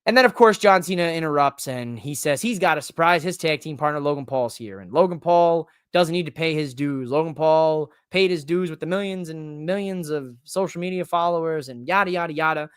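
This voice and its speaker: A man hosting a podcast, ranting casually about wrestling in an animated, profane, joking way. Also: a little high, a little fast, hardly any pauses, smooth, dry recording, clean studio sound. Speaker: podcast host. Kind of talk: casual wrestling recap rant.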